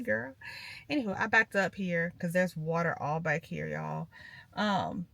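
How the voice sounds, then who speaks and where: A woman's voice: medium pitch, lively intonation, moderate pace, vocal fry, a bit bright, slight background noise. A woman chatting casually to her viewers from her parked car, rambling and calling them "girl" and "y'all". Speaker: lifestyle vlogger.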